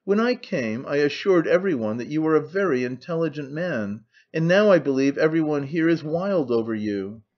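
A man reading an audiobook, voicing a fussy, vain aging male writer with a squeaky voice and a soft gentlemanly lisp. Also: expressive, a little fast, few pauses, natural voice. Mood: sniffy. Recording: dull lo-fi recording.

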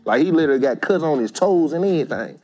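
Man, thirties, animated storyteller, faint music underneath. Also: a little high, fast. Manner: animated, acts out quoted voices. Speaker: guest storyteller. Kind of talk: casual storytelling.

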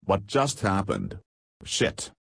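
A man's voice: low-pitched, huge pitch swings, slow, vocal fry, fairly bright tone, slightly rough, exaggerated voice. A man voicing a confused young soldier, asking bewildered questions in an audiobook.

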